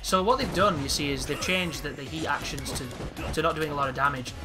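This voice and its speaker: A man commentating a video game playthrough, excitable and crude, with sudden exclamations. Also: fairly high pitch, a little fast. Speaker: gameplay commentator. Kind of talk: let's play commentary. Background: game music.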